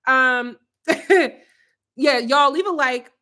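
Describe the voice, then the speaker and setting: A woman's voice: high-pitched, very slow, pushed and bright. A woman in her twenties from Philadelphia, chatting loosely on a livestream and reading out viewer comments, full of "like" and "um". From Philadelphia, USA. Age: 20s. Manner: chatty and rambling, lots of "like" and "um". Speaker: YouTuber hosting a livestream. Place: her apartment.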